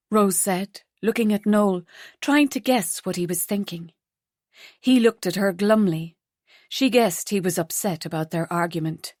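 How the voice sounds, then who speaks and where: A woman narrating an audiobook in a measured, even scripted reading. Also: medium pitch, no echo, clean studio sound.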